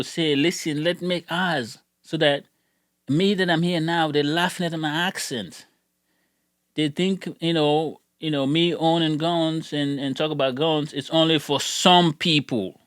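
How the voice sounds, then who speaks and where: A man's voice: a little high, steady tone, measured pace, fairly bright tone, clear, resonant tone, no echo, clean studio sound. A middle-aged man venting in a casual vlog, rambling, heated, and repeating words as he gets worked up. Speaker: gun channel YouTuber.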